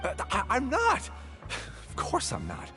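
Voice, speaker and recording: A man's voice: extremely high pitch, wildly swooping pitch, measured pace, exaggerated voice. An actor voicing an anxious young male drink promoter in a video game, fretful and apologetic. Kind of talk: game voice acting. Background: game music.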